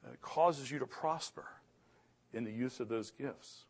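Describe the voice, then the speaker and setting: A man's voice: mid-range voice, measured pace, husky. A middle-aged man preaching a sermon in an earnest way, often repeating words, and rising in emphasis on key phrases. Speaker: pastor.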